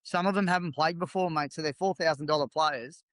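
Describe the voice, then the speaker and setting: A middle-aged Australian man co-hosting a podcast in casual chat, laid-back and quick to laugh, calling his co-host mate. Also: fairly high pitch, a bit bright, no room sound.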